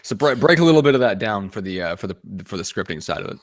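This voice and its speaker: A man's voice: fairly low pitch, big pitch swings, racing. A man hosting a casual real estate podcast, prompting his guest with questions. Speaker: podcast host.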